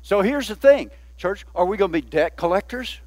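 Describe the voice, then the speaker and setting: A man's voice: high voice, very animated, normal speed, a little mellow, no room sound. A man, a pastor, preaching a sermon in a folksy, conversational way with many asides to the church.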